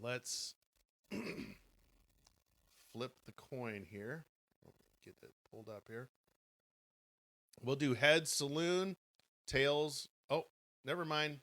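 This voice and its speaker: Man, podcast co-host, mid pitch, bright forceful tone, laughs a lot. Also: steady tone, extremely slow, long pauses. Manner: upbeat and joking, laughs often, runs listener votes. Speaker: podcast co-host running the audience vote. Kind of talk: live podcast chat.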